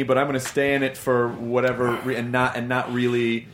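Male podcast host, mid pitch, quick emphatic chatter, faint background hiss. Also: monotone. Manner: fast, emphatic, talks in acted-out quotes. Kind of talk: casual chat.

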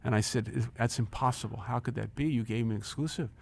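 Man, 60s, interview guest, gravelly, animated storytelling, repeats words. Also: medium pitch, quick pace. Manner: animated storyteller, acts out quoted dialogue, repeats words when excited. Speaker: interview guest, former company chief.

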